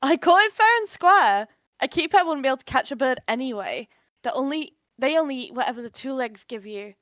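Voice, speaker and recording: A woman voicing an eager, bold young female apprentice cat in a fan-made cat movie, loud and excitable. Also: high-pitched, racing, vocal fry, heavily acted. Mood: excited.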